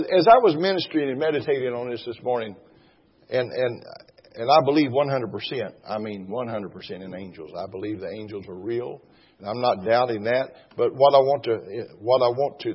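A male preacher delivers a fervent sermon, his voice slightly husky and his speech swelling into loud exclamations as he reads scripture aloud. The sound is dull and muffled, carrying a long echo like a big hall. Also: mid-range voice.

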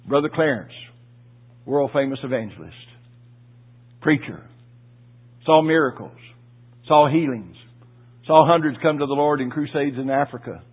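Guy preaching, folksy and emotional, kinda raspy, sounds like it's on a phone line. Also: mid-range voice. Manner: folksy, emotional storytelling with crowd asides. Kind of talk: sermon. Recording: tinny phone-like audio.

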